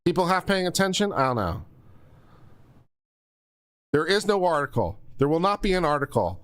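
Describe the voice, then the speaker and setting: A man's voice: fairly high pitch, sing-song, normal speed. Exasperated man explaining legal rules. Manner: repetitive, explanatory, mildly exasperated. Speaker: legal commentary host; teacher explaining to viewers. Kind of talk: live-stream legal commentary.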